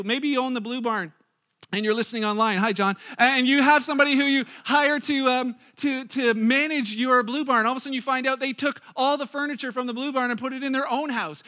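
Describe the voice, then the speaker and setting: Guy preaching, high bright voice, chatty, acts out little scenes. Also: brisk. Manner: conversational preaching, acts out characters' lines with rising energy. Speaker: pastor. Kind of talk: sermon.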